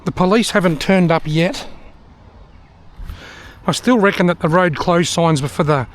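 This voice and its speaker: A man's voice: high voice, normal speed. A middle-aged man with an Australian accent, chatting casually to the camera with dry humour while he fishes by a river. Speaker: fishing vlogger. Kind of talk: casual vlog commentary. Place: outdoors by a river.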